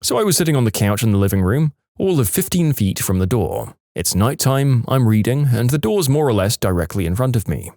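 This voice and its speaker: A man's voice: medium pitch, big pitch swings, fairly quick, few pauses, warm tone, no room sound, studio quality. A man narrating reader-submitted stories in a dramatic storytelling manner, with wry asides. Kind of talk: scripted narration of reddit stories.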